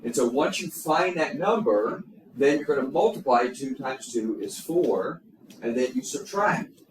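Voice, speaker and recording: A middle-aged man teaching an algebra lesson, emphatic and repetitive, with many fillers and restarts. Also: mid-range voice. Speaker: math teacher. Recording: echoey room, distant mic, faint hum.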